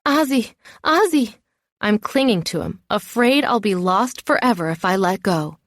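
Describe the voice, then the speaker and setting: A woman narrating a first-person novel with a lively, expressive reading. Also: medium pitch, normal speed, no echo, studio quality. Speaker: audiobook narrator.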